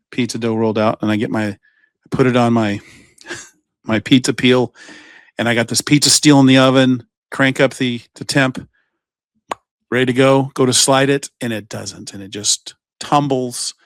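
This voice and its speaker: A man's voice: medium pitch, clear, resonant tone, no room sound. A man co-hosting a podcast in a studio, telling a rambling story in casual chat, with plenty of swearing. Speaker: podcast co-host.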